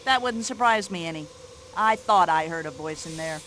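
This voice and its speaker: An actress playing a brash, nosy older American widow with an American accent, fussing and complaining in a game. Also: female voice, on the low side, animated, moderate pace, fairly bright tone, slight background noise. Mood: gossipy. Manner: indignant, nosy, fussy complaining chatter. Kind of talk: video game voice acting.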